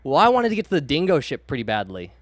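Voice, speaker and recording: Animated, profane male co-host. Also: fairly high pitch, quick pace, no echo. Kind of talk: casual stream chat.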